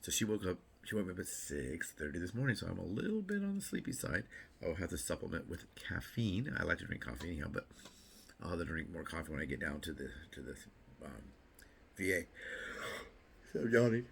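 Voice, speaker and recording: A man's voice: deep voice, sing-song, fast, gravelly, a bit bright, a little hiss or hum. A man vlogging in a casual, rambling way, repeating himself and tossing in joking asides. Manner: rambling, chatty, self-interrupting with repeats and fillers. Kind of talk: casual morning vlog chat.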